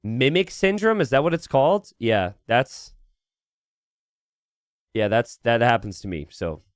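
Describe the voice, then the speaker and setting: A man's voice: mid-range voice, lively intonation, measured pace, no echo. Chatty male streamer, dry close mic. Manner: chatty and rambling, thinks aloud and talks to chat. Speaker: game caster and streamer. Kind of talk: casual live-stream commentary.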